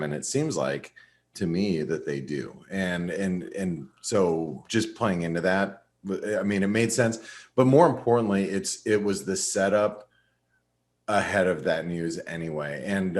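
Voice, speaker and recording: Middle-aged guy, really low voice, chatting about trades on a webinar, keeps restarting his sentences. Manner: rambling, with frequent restarts and fillers. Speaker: webinar host and market analyst. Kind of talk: casual trading webinar talk.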